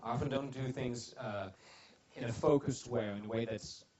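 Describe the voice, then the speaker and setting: A man's voice: medium pitch, normal speed, darkish tone, a little hiss or hum. Rambling seminar speaker man, lo-fi. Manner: rambling, restarts often, jokey asides. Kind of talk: live wealth seminar talk. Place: seminar room with audience. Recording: dull lo-fi seminar recording.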